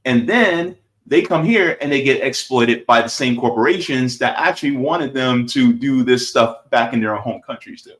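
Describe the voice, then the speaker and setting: A man's voice: medium pitch, moderate pace, few pauses, fairly bright tone. A man commenting on a video clip in casual political talk, emphatic and repetitive, tossing in "right?" and "baby".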